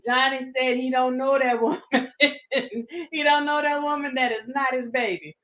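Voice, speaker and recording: A woman's voice: high-pitched, fairly even intonation, moderate pace, fairly bright tone, lo-fi sound. A woman giving a laughing, playful casual commentary to her viewers. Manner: laughing, playful Southern-style slang. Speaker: commentary vlogger.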